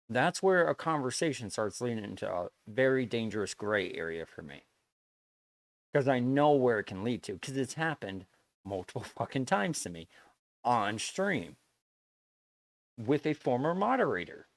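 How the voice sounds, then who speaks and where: A man's voice: mid-range voice, lively intonation, normal speed, creaky, dry recording. A man streaming live, talking bluntly to his viewers in a lecturing way, swearing and repeating himself as he makes his point. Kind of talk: casual stream chat to viewers.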